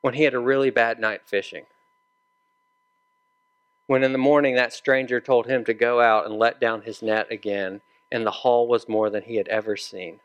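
A man's voice: mid-range voice, steady tone, moderate pace, clean tone. A man preaching a sermon in a conversational storytelling way, acting out the dialogue of the people in his story. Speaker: pastor.

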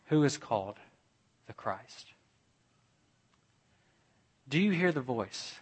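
A man preaching a sermon as pastor, deliberate, repeating phrases with building emphasis. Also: medium pitch, very animated, slightly rough.

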